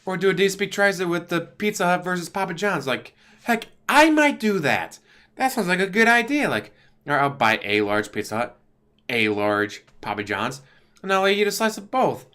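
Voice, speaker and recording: Animated, exasperated man ranting to camera. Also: moderate pace. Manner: animated, exasperated, big pitch swings. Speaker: YouTube commentator. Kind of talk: casual commentary rant to camera. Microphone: desk USB microphone.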